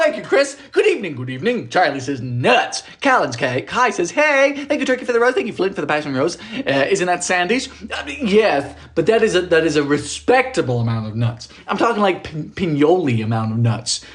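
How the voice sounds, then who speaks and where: A man chatting on a live stream from his home kitchen, reading viewers' comments aloud and cracking jokes as he bakes. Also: a little high. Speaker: home baker livestreaming. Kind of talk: casual live-stream chat.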